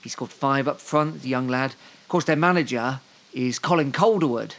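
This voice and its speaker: A man from Devon, England co-hosts a casual football podcast, rambling through the news with dry, joking asides. His voice is mid-range and fairly bright, at a moderate pace.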